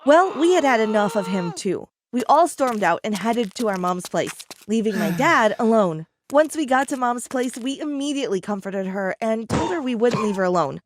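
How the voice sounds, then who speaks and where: A woman narrating an animated story in a lively, chatty first-person style. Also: fairly high pitch, moderate pace, few pauses, no echo. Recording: background music under the voice.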